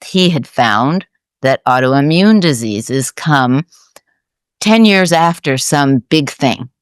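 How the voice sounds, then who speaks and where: A woman host telling a personal story in a reflective, halting way with frequent restarts. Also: extremely low pitch, animated, smooth, no echo, clean studio sound. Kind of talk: conversational storytelling.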